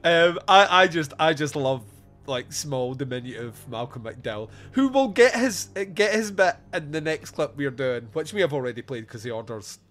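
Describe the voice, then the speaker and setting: Animated laughing man hosting a film podcast. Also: a little high, soft background music. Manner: animated, laughing, mimics movie characters in quick bits. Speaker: podcast host. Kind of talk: casual film review chat.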